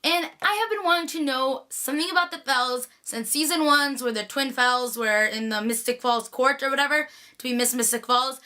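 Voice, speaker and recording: A woman's voice: high-pitched, moderate pace, few pauses, pushed and bright. A young woman gushing in a casual, chatty recap of a TV episode, full of "like".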